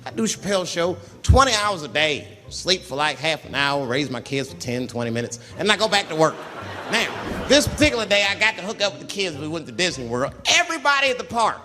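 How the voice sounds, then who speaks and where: A man doing a stand-up comedy routine, swinging between loud outbursts and muttered asides as he acts out characters. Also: a little high, sing-song, brisk, music in the background. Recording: live hall reverb with audience noise.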